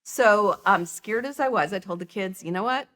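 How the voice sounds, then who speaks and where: A woman's voice: medium pitch, moderate pace. A middle-aged woman, a podcast guest, telling her personal story with animation and acting out the dialogue. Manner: animated, acts out quoted dialogue. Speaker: guest, nonprofit founder.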